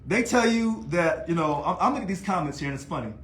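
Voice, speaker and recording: A man talking to camera in a casual video monologue about his union work, animated and taunting, full of rhetorical questions. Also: high voice, fast talker. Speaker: union leader. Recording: echoey room.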